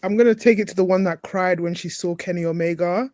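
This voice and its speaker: A British woman guest on a live stream, halting and joking, talking over a video call. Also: fairly low pitch, a little mellow, no room sound, studio quality. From United Kingdom. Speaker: podcast co-host, stream guest. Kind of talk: casual chat on a live stream.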